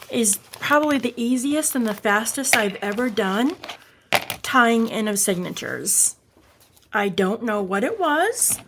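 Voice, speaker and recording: Gravelly chatty woman crafting. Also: fairly high pitch, a bit bright, a little hiss or hum. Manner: chatty and enthusiastic, narrating her steps. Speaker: crafting tutorial host. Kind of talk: casual hands-on craft demonstration.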